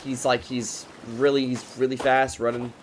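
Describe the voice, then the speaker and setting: A man's voice: mid-range voice, level tone, moderate pace, background noise. Young man rambling through a storytime. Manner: rambling, profane, joking. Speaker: vlogger. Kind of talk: casual storytime.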